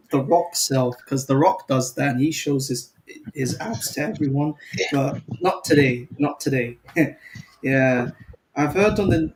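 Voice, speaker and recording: A man with a fairly high voice joins a fan stream and winds the others up with a contrarian, teasing rant. He talks casually and keeps pushing his point. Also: a little hiss or hum, low-quality recording. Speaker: guest fan. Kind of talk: casual chat.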